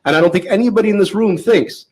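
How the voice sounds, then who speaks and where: A man moderating an audience event, speaking in halting stumbling starts. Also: high-pitched, crowd noise.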